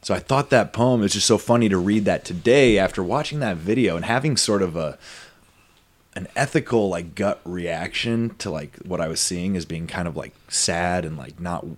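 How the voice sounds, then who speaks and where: On his podcast, a man with a low-sitting voice talks at normal speed, stretching a long tale into a loose, casual ramble studded with filler words and tangents.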